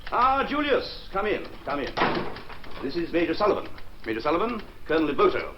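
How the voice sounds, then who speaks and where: A brisk, genial general. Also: male voice, a little high, big pitch swings. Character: brisk, hospitable army general. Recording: dull lo-fi 1960s TV soundtrack with faint noise.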